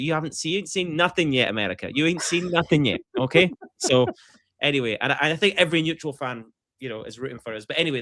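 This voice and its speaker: A Scottish man co-hosting a podcast in casual chat, animated and joking, swearing freely. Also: on the high side. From Scotland. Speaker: podcast co-host.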